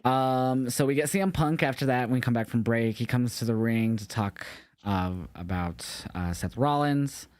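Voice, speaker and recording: A man's voice: medium pitch, normal speed, a little mellow, clear, resonant tone, no echo. A young man casually recapping a wrestling show, rambling and swearing loosely and correcting himself as he goes. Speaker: podcast co-host.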